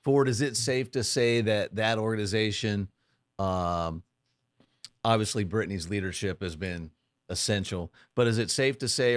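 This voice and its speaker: A man co-hosting a podcast in relaxed casual chat, asking prompting questions. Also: on the low side, dry recording, studio quality. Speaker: podcast co-host. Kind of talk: casual conversation.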